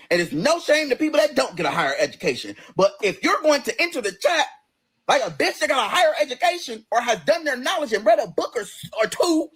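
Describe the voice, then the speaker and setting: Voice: high-pitched, fairly bright tone, breathy edge. A person ranting on a livestream in a combative, profane, sassy way, straight into a phone.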